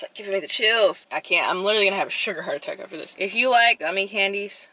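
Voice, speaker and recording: A young woman talks casually to the camera from inside her car. Her voice sits on the low side but sounds bright and sharp. Her delivery is chatty and animated, with dramatic flair. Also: fast talker. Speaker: vlogger. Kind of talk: casual chat.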